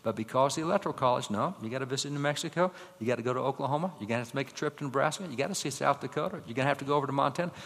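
A man lecturing from slides to a live audience, with an average-pitched voice. He tells stories, throws out rhetorical questions and reels off quick lists of names. His voice rings with the long reverb of a large hall. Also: vocal fry, a bit bright. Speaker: public speaker.

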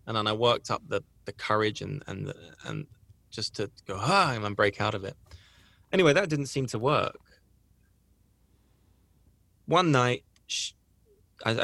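A man's voice: mid-range voice, creaky, a bit bright, dry recording. A man hosting a podcast, telling a personal story in a rambling, earnest way with frequent restarts. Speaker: podcast host. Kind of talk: casual storytelling.

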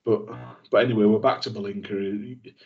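Sarcastic guy doing a recap, lowish voice, muffled lo-fi audio. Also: steady tone, fairly quick. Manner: dry, sarcastic asides. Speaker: podcast co-host. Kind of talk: casual chat, recapping a wrestling show. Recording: dull lo-fi audio.

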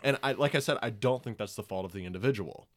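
A man's voice: on the low side, fast talker, a bit bright. A man co-hosting a casual podcast, explaining his views earnestly at length. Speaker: podcast co-host.

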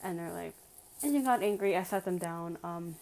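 A woman's voice: fairly low pitch, normal speed, gravelly, a little mellow, rough recording. A woman telling a personal story to her viewers in a casual, emphatic way, full of "like" fillers and direct appeals.

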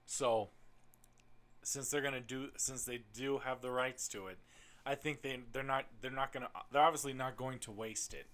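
A man's voice: medium pitch, moderate pace, fairly bright tone. A young man chatting casually about upcoming superhero films, rambling and restarting his sentences often. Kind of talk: casual podcast chat.

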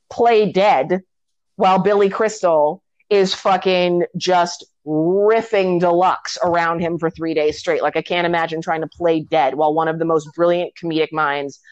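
Animated, swearing woman retelling a film. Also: lowish voice, no room sound, dull audio. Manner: animated storytelling with acted-out quotes and swearing. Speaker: podcast host. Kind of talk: casual chat retelling a film.

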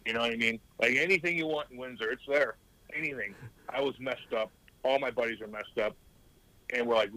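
A man, a former hockey player, telling rambling, profane stories in a casual podcast chat with lively voiced quotes. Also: medium pitch, brisk, no room sound, poor audio.

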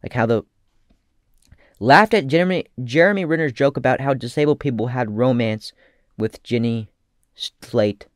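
A man giving casual comedic commentary as a vlogger, rambling and profane with deadpan asides. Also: medium pitch, normal speed, pauses often, no room sound, clean studio sound.

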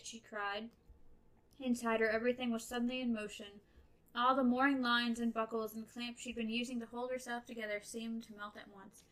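A woman's voice: a little high, flat delivery, normal speed, a bit bright, rough recording. A woman co-hosting a podcast, reading a novel aloud and chatting about it in a wry, easygoing way. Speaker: podcast co-host.

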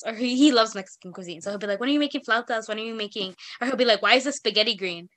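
A woman's voice: mid-range voice, fast talker, sharp tone. A young woman co-hosting a podcast, telling rambling stories with lots of fillers. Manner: chatty, rambling storyteller with many fillers. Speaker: podcast co-host. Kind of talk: casual chat.

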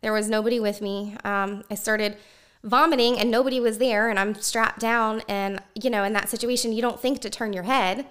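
Casting note: woman guest, mid pitch, animated storyteller with frequent laughs. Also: moderate pace, clean tone. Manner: laughs often while telling, animated. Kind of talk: personal story in conversation.

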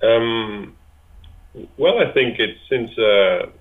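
A man's voice: medium pitch, expressive, drawn-out words. A man in his twenties from Switzerland, a guest chatting casually in an interview, hesitant with many fillers and restarts. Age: 20s. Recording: tinny phone-like line.

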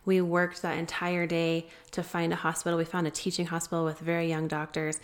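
A woman guest telling a long story in an interview, earnest and pausing often with fillers. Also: on the low side, monotone. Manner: earnest, many filler pauses. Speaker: guest, founder of an anti-trafficking group.

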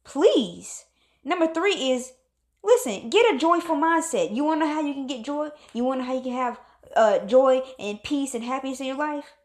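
Woman with a high voice doing a preachy motivational talk, repeats herself for emphasis. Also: animated, moderate pace. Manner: calls on God in exclamations. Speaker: motivational speaker.

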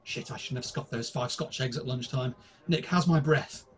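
A man's voice: medium pitch, normal speed, fairly bright tone. Theatrical, crude British man. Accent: British English. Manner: mock-formal, crude and theatrical. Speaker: podcast co-host. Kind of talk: scripted comic pub banter.

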